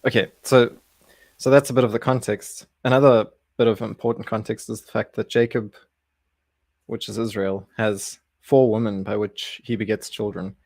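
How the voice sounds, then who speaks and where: Low gravelly guy running a bible study stream, chuckly and easygoing, dry close sound. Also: level tone, moderate pace, darkish tone, no room sound. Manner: easygoing, chuckles and restarts often. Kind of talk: casual livestream teaching.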